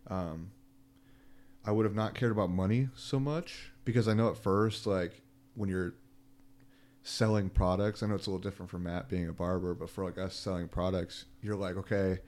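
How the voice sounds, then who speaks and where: A young man co-hosting a casual podcast, relaxed and jokey, often saying "like". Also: low voice, normal speed. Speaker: podcast co-host, small business owner.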